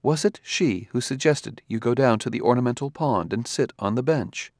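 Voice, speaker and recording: A man voicing a calm, formal robot detective. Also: mid-range voice, normal speed, dry recording, studio quality. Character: calm, precise male humanoid robot detective. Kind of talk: audiobook character reading.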